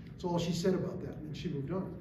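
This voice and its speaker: A middle-aged man speaking to a gathering, an animated storyteller who drives his points home with emphatic rhetorical questions. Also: a little high, quick pace. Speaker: guest speaker. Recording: echoey room, distant mic, faint hiss.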